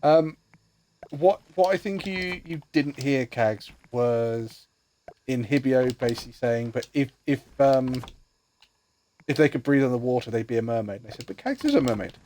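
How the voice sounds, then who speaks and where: A man's voice: mid-range voice, moderate pace, a little mellow, slight background noise. A man chatting casually and joking with friends while streaming a video game, muttering to himself as he plays. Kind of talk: casual gaming livestream chat.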